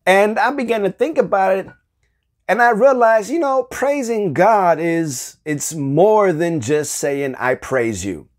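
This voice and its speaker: A man giving a conversational devotional Bible teaching, animated and acting out everyday dialogue. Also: high voice, measured pace. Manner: animated, acts out everyday dialogue with light laughter.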